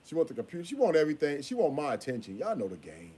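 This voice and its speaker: A father talking casually in a vlog, repeating himself and scolding in a drawn-out way. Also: on the high side, wildly swooping pitch, mellow, a little hiss or hum.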